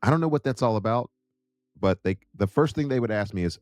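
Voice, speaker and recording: A man's voice: fairly low pitch, quick pace, no echo, clean studio sound. A man from the United States hosting his own show, telling travel stories in a casual, jokey way. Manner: animated, jokey, puts on voices in quotes. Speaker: host. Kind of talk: casual storytelling.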